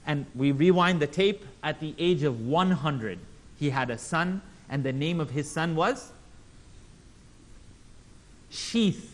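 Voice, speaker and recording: A man with a somewhat high voice teaches a religious class in an animated way. He slips into little voices for the people in his stories and keeps firing questions at his listeners. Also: unhurried. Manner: animated, acts out quotes in voices; engages audience with questions. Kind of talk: Islamic class lecture.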